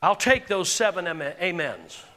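A man's voice: high voice, very animated, a little slow, big-room sound, a little hiss or hum. A man, a pastor, preaching with passion and leading the congregation in call-and-response. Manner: impassioned preaching with call-and-response, rising to shouts. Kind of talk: sermon. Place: church sanctuary.

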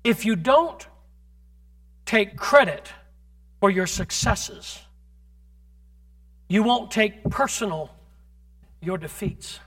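High, bright-voiced fervent preacher man. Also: lively intonation, slow, pauses often. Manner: builds from conversational to fervent shouting; calls on the congregation directly. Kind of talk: sermon.

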